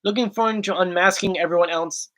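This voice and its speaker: A man's voice: high voice, steady tone, quick pace, fairly bright tone. Goofy man telling playful stories. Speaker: YouTube host. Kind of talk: casual Q&A chat.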